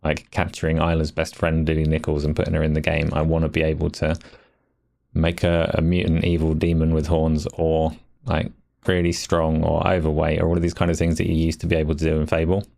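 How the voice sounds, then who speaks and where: A man's voice: extremely low pitch, completely flat delivery, a little fast, vocal fry, a little mellow. A man co-hosting a casual gaming podcast, wry and laid-back. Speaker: podcast co-host.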